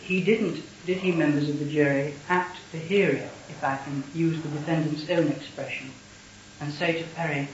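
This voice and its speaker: Formal barrister addressing a jury. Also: male voice, a little high, steady tone, far from the mic, slight background noise. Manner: formal, deliberate, reads transcript passages aloud. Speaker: prosecuting barrister. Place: courtroom. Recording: dull, roomy courtroom recording.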